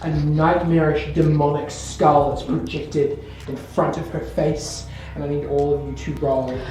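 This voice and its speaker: A woman narrating as game master of a tabletop game, describing scenes in a relaxed way. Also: sits low, unhurried. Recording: distant echoey room, faint noise.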